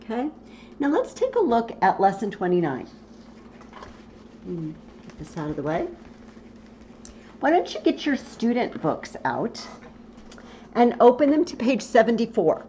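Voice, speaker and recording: A woman's voice: fairly high pitch, sing-song, a little slow, long pauses, warm tone. A woman teaching a recorded Latin lesson, patiently repeating verb forms and spelling out endings. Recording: dull lo-fi audio with faint hiss.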